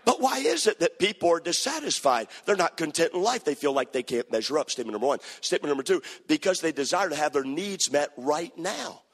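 A man preaching a sermon as pastor, swinging from quiet asides to sung, shouted cadences. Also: on the high side, sing-song, fairly quick, hardly any pauses, husky. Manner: preaching with rising shouts and sing-song cadence. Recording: long hall reverb.

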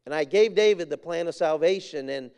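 A man's voice: a little high, fairly quick, darkish tone, clear, resonant tone. A man preaching a sermon with fervor, repeating phrases for emphasis and reading scripture in King James wording. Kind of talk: sermon with a personal story.

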